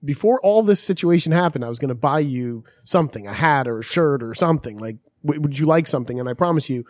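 A man talks fast and a little high, racing through a story with plenty of swearing. He voices the people he quotes as he goes. The sound is close and dry, with no room around it. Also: expressive, no room sound. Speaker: storyteller in a chat. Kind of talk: casual chat.

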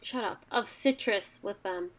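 A woman's voice: medium pitch, a little slow, fairly bright tone. A woman co-hosting a casual podcast, rambling and chatty with frequent fillers. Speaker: podcast co-host. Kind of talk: casual chat.

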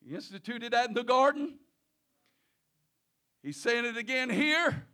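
This preacher's very high voice is lively, pushed, and bright, with a clear, resonant tone. His sermon stumbles along with repeated words, restarts, and chuckles between phrases.

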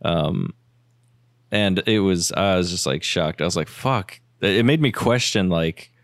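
A man's voice: sits low, a little slow, dry recording, studio quality. A man chatting casually, laughing often and swearing easily. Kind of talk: casual chat.

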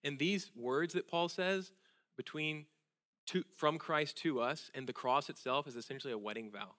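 A man in his thirties preaches from a church stage, his voice bright and forward. He tells stories with earnest emotion, often sinking to a quiet, intense hush on key words. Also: on the high side, normal speed. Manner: earnest, emotional storytelling, drops to hushed intensity. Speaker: pastor. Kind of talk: sermon. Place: church sanctuary.

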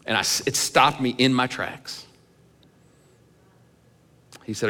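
A man's voice: mid-range voice, slow, pushed and bright, long reverb tail. A middle-aged male pastor preaching in a church sanctuary, telling candid personal stories in a conversational way with some humor. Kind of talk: sermon.

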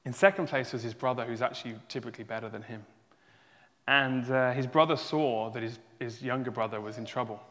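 A man's voice: medium pitch, brisk. Earnest man preaching in a reverberant hall. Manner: earnest, rising to loud emphatic peaks; restarts and stumbles, emotional. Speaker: pastor. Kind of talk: sermon. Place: church hall.

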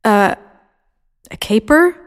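A woman's voice: a little high, animated, slow. A woman voicing a young, beardless stonemason's apprentice who stammers and gets defensive when caught out. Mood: uneasy.

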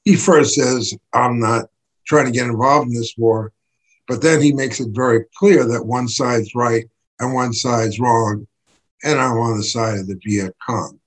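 A man giving an impassioned political talk as an activist writer, emphatic and building to forceful bursts. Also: medium pitch, fairly even intonation, measured pace, rough recording.

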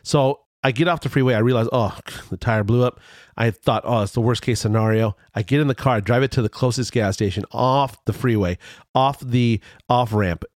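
A man telling a road story in casual chat, rambling with restarts and fillers, and his voice jumps higher when he gets excited. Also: moderate pace, no room sound, clean studio sound.

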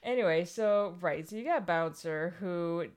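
A woman chatting casually about a picture book, animated and reading lines aloud. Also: on the low side, unhurried, smooth. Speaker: co-host discussing a picture book. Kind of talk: casual chat.

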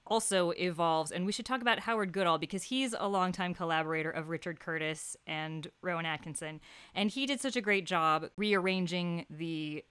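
A woman co-hosting a casual podcast chat, enthusiastic and quick to laugh as she explains at length. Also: lowish voice, fairly bright tone, clean tone, no room sound. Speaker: podcast co-host. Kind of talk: casual chat about a TV comedy.

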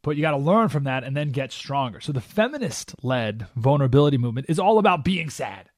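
A man's voice: mid-range voice, animated, quick pace, hardly any pauses, dry recording, studio quality. A man hosting a radio talk show, giving an emphatic, opinionated monologue and acting out the voices he quotes. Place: radio studio.

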